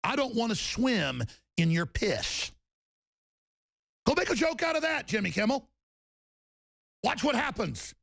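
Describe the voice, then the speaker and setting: A male talk show host in an angry, profane on-air rant, shouting insults at his targets. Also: very high-pitched, sing-song, a little slow, creaky, pauses often.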